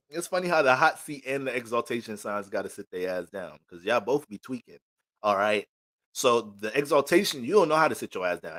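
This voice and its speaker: A young man giving a casual, profane, joking astrology reading in animated rants. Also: medium pitch. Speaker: astrology reader.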